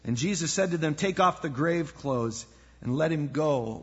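Husky-voiced preacher in an echoey hall. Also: male voice, fairly high pitch, moderate pace. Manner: earnest preaching, drops to a hush for emphasis. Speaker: pastor. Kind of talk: sermon. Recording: echoey hall, dull lo-fi sound.

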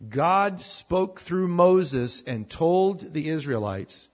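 A man's voice: on the high side, expressive, very slow, dull audio. A man preaching a conversational sermon as a pastor, often restarting his words as he explains. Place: church with a projector.

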